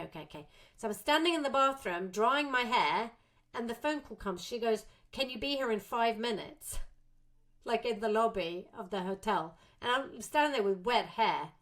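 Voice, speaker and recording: Woman telling a lively anecdote as a guest. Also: fairly high pitch. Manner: animated, acts out quotes of herself and others. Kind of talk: casual interview storytelling.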